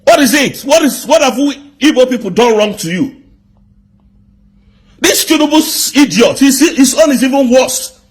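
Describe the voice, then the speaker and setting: A man's voice: very high voice, lively intonation, normal speed, slightly rough. A man with a Nigerian accent delivering an angry political rant, firing off indignant rhetorical questions. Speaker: commentator.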